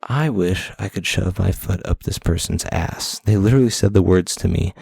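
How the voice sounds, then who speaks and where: A man's voice: deep voice, moderate pace, gravelly, few pauses, a little mellow, husky, no echo, clean studio sound. A young man hosting a solo podcast, ranting and rambling casually with self-deprecating asides. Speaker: podcast host.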